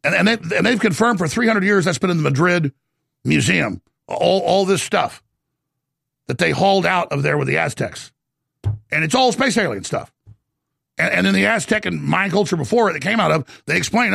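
A man delivering a heated, excited rant as a show host, often stumbling and repeating words as he builds up steam. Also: high voice, moderate pace, creaky, husky, dry recording, studio quality. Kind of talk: heated ranting monologue.

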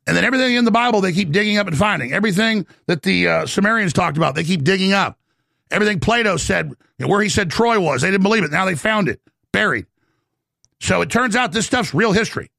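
A man delivering a heated, excited rant as a show host, often stumbling and repeating words as he builds up steam. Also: high-pitched, fast talker, vocal fry, no echo, clean studio sound. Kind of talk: heated ranting monologue.

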